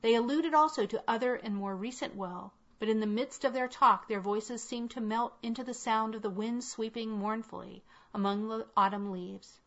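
A woman narrating a classic tale in a measured, unhurried reading. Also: fairly high pitch, a bit bright. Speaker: audiobook reader. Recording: dull lo-fi recording.

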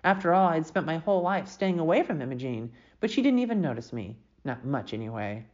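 A woman reading a storybook aloud with lively, expressive narration. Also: sits low, brisk, muffled recording.

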